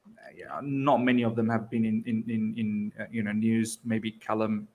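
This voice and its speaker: A man's voice: on the low side, little pitch movement, moderate pace. A young man co-hosting a casual football chat, asking questions and mocking rival clubs. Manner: questioning, mocking, laughs easily. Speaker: podcast co-host.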